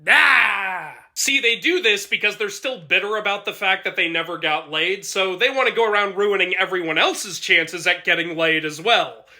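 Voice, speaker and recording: A man's voice: sits high, moderate pace, few pauses, bright, forceful tone. A man narrating mythology in a comedy sketch, with a sarcastic, punchy delivery.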